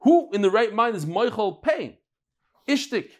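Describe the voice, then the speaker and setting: A middle-aged man giving a lively, joking Talmud lecture, mixing Hebrew and Yiddish terms into his English. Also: sits high, unhurried. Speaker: Talmud teacher.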